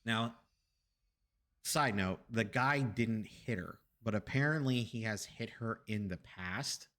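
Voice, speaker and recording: A man with a slightly low voice tells a story at home during a stream. He rambles, circles back, and swears casually. His delivery is animated and chatty. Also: slow. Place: home apartment.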